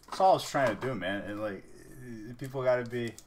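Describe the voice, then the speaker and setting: A man's voice: mid-range voice, a little fast, a little hiss or hum. A man hosting a card-break livestream, rambling in casual chat and saying "dude" a lot.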